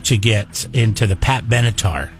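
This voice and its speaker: Halting, playful male radio host. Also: on the low side, animated, soft background music. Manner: halting, restarts often, playful. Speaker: radio morning show host. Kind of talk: casual on-air banter and call-in game. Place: radio studio.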